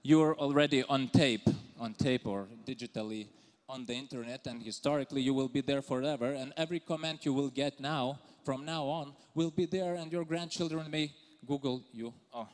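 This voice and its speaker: A man's voice: medium pitch, moderate pace, few pauses. Teasing Eastern European man in a reverberant hall. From Lithuania. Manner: teasing, provocative, calls out audience members. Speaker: conference speaker. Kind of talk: live conference talk. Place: large conference hall.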